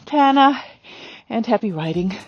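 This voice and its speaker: A woman's voice: fairly high pitch, lively intonation, a little slow, dull audio. A woman riding instructor talking through a demonstration on horseback outdoors, chatty with lots of fillers, calling commands to her horse.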